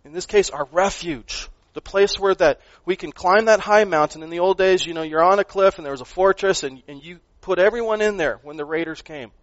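A man preaching a sermon, earnest, rising to loud emphasis and dropping to quiet asides, often repeating words as he goes. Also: high voice, fairly quick, hardly any pauses, dry recording, lo-fi sound. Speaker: pastor.

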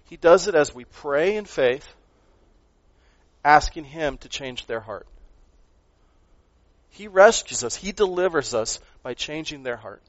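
A man preaching a sermon, earnest, rising to loud emphasis and dropping to quiet asides, often repeating words as he goes. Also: fairly high pitch, expressive, measured pace, no echo, dull audio. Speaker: pastor.

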